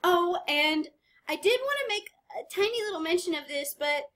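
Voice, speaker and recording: High-pitched woman rambling through an anime reaction, chatty and casual. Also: expressive, fairly bright tone. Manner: chatty, rambling, pauses to comment.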